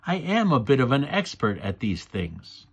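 A man's voice: mid-range voice, big pitch swings, normal speed, gravelly, slightly rough, exaggerated voice. A man voicing a jolly, slightly boastful father pig in a read-aloud storybook.

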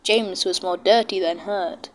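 A woman reading a children's train story aloud, expressive and voicing every character herself. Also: mid-range voice, a little slow, slight background noise. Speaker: storybook narrator.

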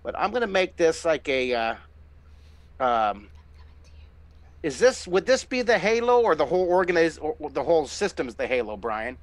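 A middle-aged man hosting a live online drawing lesson, giving excited, encouraging step-by-step instructions as he sketches. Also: on the high side, normal speed, no echo. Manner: enthusiastic, encouraging, exclamatory. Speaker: drawing teacher and host.

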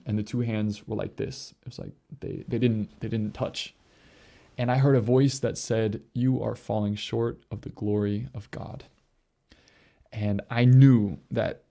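A young man, a priest, telling his conversion story in an earnest, halting way with many fillers. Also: mid-range voice, creaky, dark tone. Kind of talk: personal testimony.

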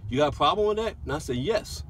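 A man around sixty telling a story from his past in a loose, animated way, acting out shouting drill sergeants. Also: fairly high pitch, quick pace, a little hiss or hum, rough recording. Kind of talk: storytelling monologue.

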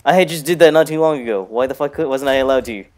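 A gaming YouTuber talks fast in his natural, mid-pitched voice during casual let's-play commentary of a horror game. He mostly mutters quietly, swearing and joking at the screen, but his pitch spikes into loud startled shouts whenever something scares him.

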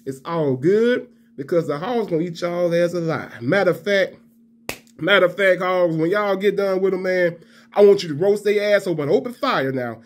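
A man's voice: high-pitched, moderate pace. A man giving a fired-up, profane fan rant to camera. He trash-talks and repeats himself. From Alabama fan. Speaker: college football vlogger.

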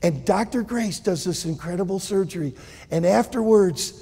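A male pastor preaching a sermon, telling a story and swinging between hushed and loud delivery. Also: sits high, normal speed, creaky, husky, big-room sound.

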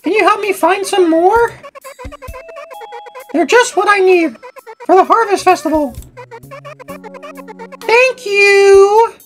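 A woman voicing a bubbly game villager girl in a very high, squeaky, gushing sing-song voice. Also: takes it slowly, long pauses, soft background music. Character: bubbly villager girl who loves shiny stones.

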